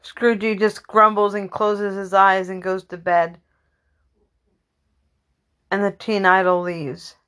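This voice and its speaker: A woman's voice: mid-range voice, little pitch movement, takes it slowly, long pauses, fairly bright tone. A woman improvising a comic story loosely, correcting herself as she goes. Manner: loose, with restarts and self-corrections.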